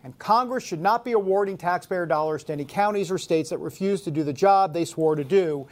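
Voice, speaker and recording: A man's voice: sits high, brisk. A man hosting a casual political talk show, with wisecracking, sarcastic asides.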